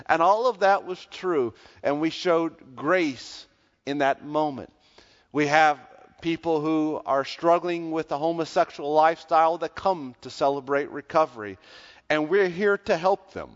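A pastor preaching a sermon, telling a story in a conversational way that grows loud when excited. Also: male voice, a little high. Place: church sanctuary. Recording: dull sound with long church reverb.

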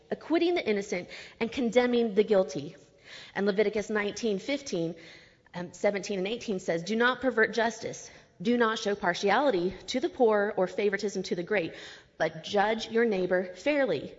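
A woman giving a casual, chatty Bible teaching with slang asides, explaining verses in everyday terms. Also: fairly high pitch. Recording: long reverb, dull lo-fi sound.

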